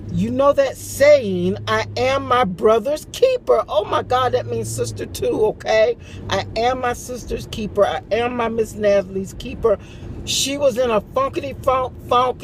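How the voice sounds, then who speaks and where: A woman's voice: fairly high pitch, a little hiss or hum. A woman in casual chat to camera as a couponing vlogger, dramatic and playful, hollering and laughing. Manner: dramatic, hollers and laughs often, slow drawn-out delivery.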